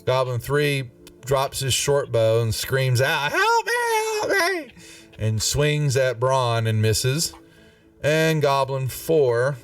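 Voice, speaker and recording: A man's voice: mid-range voice, far from the mic. A man running a live tabletop game as game master, in a chatty, laugh-prone way. His voice sits in an average register and is heard from a little way off the mic. Faint music plays underneath. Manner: chatty, laughs often, halting with fillers and restarts.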